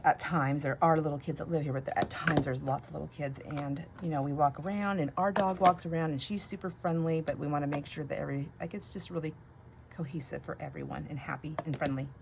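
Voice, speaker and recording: A middle-aged woman's low, creaky voice comes a little fast as she makes labels at home for a casual crafting vlog. She rambles, laughs often and muses aloud over steady background noise.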